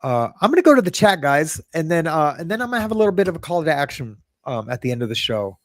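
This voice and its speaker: With a fairly high voice, big pitch swings, and a fast pace, a middle-aged podcast host chats casually on his livestream, reading viewer comments aloud and poking fun at himself as he rambles. The sound is studio quality with no echo.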